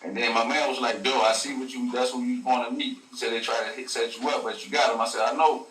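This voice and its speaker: A man's voice: medium pitch, fairly even intonation, quick pace, a bit bright. A man, a guest telling a story in casual slang, full of profanity and acted quotes. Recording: echoey room, a bit far from the mic.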